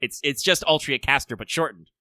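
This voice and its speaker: An American man co-hosting a relaxed podcast, his voice bright and forward. He rambles, doubles back on words and drops wry asides. The sound is close and dry. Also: a little high, a little fast, dry recording. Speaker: podcast co-host. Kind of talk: casual chat.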